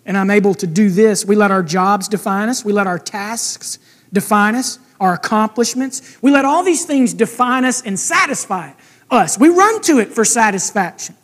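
Male pastor, high voice, conversational sermon, direct questions. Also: animated, moderate pace, fairly bright tone. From United States. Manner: conversational, asks the congregation questions.

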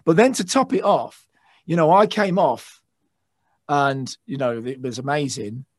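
A man, a guest guitarist, telling excitable stories in a casual interview, swearing and acting out shouts. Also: on the high side, unhurried, dry recording. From England.

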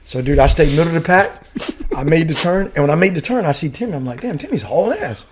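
Fast-talking, profane army veteran man. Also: on the high side, a little hiss or hum. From United States. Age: middle-aged. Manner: profane, slangy, animated storyteller. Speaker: podcast guest, retired soldier. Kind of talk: casual storytelling.

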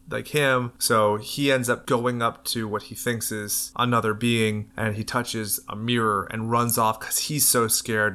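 A man hosting a spoiler podcast, chatting casually and retelling a story with animated voiced quotes. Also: on the low side. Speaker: podcast host. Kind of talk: casual chat.

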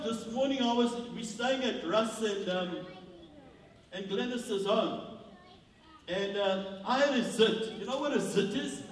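A man from South Africa preaches in a very high voice, teasing and joking with the congregation. The sound is roomy, with a long echo in a big church hall. He sits back from the mic, with faint room noise behind him. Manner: playful, jokes with the congregation. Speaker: guest preacher. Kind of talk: sermon. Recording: echoey hall, from far off.

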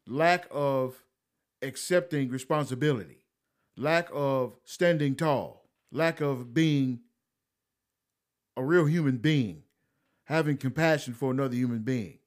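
A man's voice: mid-range voice, slow pace, long pauses. A man giving blunt, preachy commentary, scolding his listeners in a lecturing tone and slipping into mocking voices to quote others. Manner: slips into mocking voices when quoting others. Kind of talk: direct-to-camera commentary.

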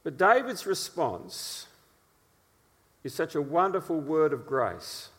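A man preaching a sermon, telling stories in an animated way with frequent "uh" fillers. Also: fairly high pitch, takes it slowly, long pauses, big-room sound.

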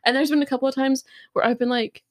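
Animated, crude-talking woman podcaster. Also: sits high, quick pace, no echo, clean studio sound. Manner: animated, crude, many fillers and restarts. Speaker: podcast co-host. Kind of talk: casual storytelling chat.

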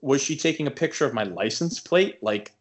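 A man's voice: mid-range voice, expressive, fairly quick. Rambling young man telling a story. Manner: rambling, lots of filler likes and restarts. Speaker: podcast co-host. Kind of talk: casual storytelling chat.

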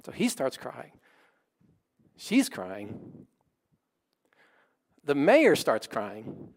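Creaky-voiced man preaching a story. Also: medium pitch, very slow. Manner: conversational, animated storyteller with laughs and restarts. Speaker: pastor. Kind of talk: sermon storytelling.

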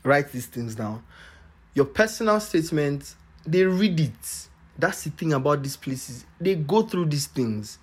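A young man hosting a podcast, telling a personal story in an animated, exclamatory way, laughing as he goes. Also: a little high, a little slow, husky. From Nigeria. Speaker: podcast host.

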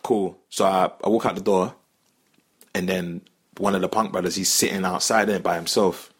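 A man's voice: sits low, normal speed, breathy edge. A young man, hosting a podcast and telling a story in casual, slangy chat, laughing as he goes. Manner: slangy, animated, laughs while telling stories. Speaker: podcast host.

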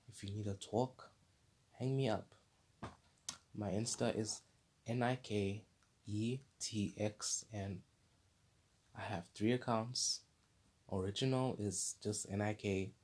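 A man's voice: on the low side, a little mellow, husky. A man hosting his own podcast segment, talking in an earnest, rambling, unscripted monologue that often repeats itself. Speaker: podcast host.

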